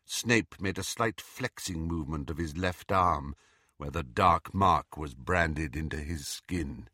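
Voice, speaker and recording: A man narrating an audiobook in an expressive, dramatic reading. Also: very deep voice, slow, no echo, studio quality. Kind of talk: scripted narration.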